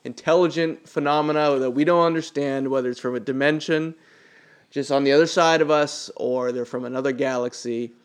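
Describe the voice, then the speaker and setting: A man's voice: medium pitch, fairly even intonation, brisk, smooth. A man hosting a podcast, talking bluntly and with plenty of profanity in casual chat.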